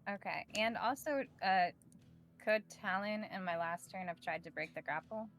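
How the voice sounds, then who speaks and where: A woman playing a tabletop game, asking quick rules questions. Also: medium pitch, a bit bright, soft background music. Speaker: player.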